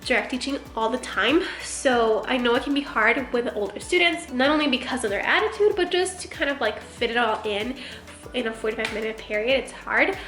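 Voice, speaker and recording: A woman's voice: on the high side, lively intonation, a little fast, fairly bright tone, echoey room, faint music behind. A woman who teaches first grade, chatting casually in a vlog from her car, congested with a stuffy nose and a bit frazzled.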